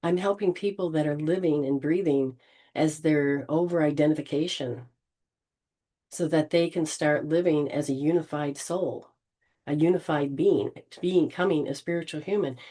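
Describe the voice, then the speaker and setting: A woman leading an informal spiritual healing session, gently coaching and often restarting her sentences. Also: sits low, normal speed. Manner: rambling, with frequent restarts and throat clearing.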